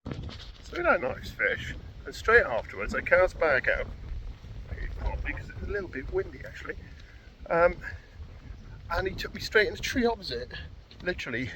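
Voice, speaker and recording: A chatty angler rambles easily through his fishing session, with a mid-range voice whose pitch moves a lot. He is recorded outdoors by a pool, and a clear hiss of wind and open air sits behind him. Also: sing-song, moderate pace, long pauses. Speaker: angler vlogger. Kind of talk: casual fishing vlog.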